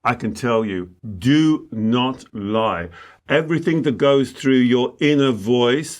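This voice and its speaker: A man's voice: medium pitch, takes it slowly. A man who works as a spiritual coach, teaching emphatically in conversation and acting out exchanges with clients. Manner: emphatic, acts out client dialogues.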